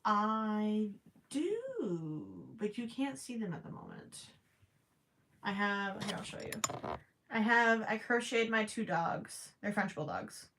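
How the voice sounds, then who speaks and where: A woman's voice: mid-range voice, sing-song, slow, a bit bright, slight background noise. A young woman casually chatting on a livestream while crocheting, reading viewer questions aloud and teasing herself. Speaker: livestream host.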